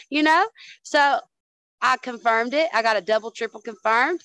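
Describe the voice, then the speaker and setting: A woman podcast guest tells her stories with animated energy, swearing freely and peppering every few words with "honey" and "dude". Her voice sits a little above the usual pitch for a woman. The sound is dry and close, with almost no room around it. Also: moderate pace, no room sound, poor audio. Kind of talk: casual chat.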